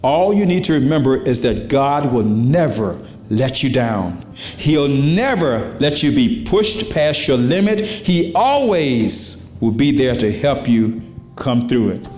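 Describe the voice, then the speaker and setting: A man's voice: mid-range voice, big pitch swings, slow, a little mellow, reverberant. A pastor preaching to his congregation in a church, in a conversational style with questions to the crowd and quoted voices. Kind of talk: sermon. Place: church sanctuary.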